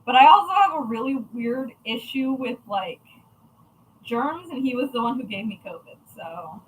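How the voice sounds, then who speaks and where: A woman's voice: on the high side, expressive, moderate pace, slightly rough, poor audio. A young adult woman chatting casually to viewers, blunt and chatty with frequent swearing. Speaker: crafting channel host.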